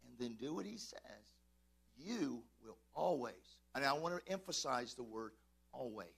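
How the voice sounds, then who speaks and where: A male pastor preaching fervently in a church, swinging from shouts to quiet asides and calling out to his congregation. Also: medium pitch, animated, measured pace, vocal fry, slightly rough. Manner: addresses congregation, calls and repeats. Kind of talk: preaching a sermon.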